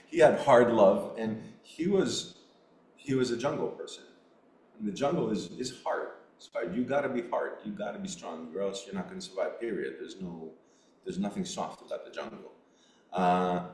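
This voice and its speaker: A middle-aged man, a podcast guest, telling a personal story in an earnest, halting way with many restarts. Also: lowish voice, darkish tone. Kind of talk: storytelling in a casual interview. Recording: roomy echo.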